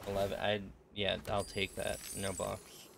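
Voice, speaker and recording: A man's voice: fairly low pitch, completely flat delivery, a little slow, gravelly. A man casually commenting on his own card game play with wry, muttered reactions. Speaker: streamer playing a card game. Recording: audible background noise.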